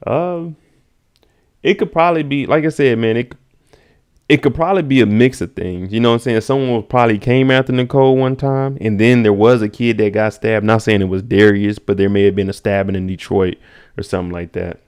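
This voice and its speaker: Fairly quick and a little mellow, the man's voice comes through with a clean tone. During a live stream he recaps a TV episode in casual slang, reads chat names aloud, and dramatizes scenes with high-pitched voices.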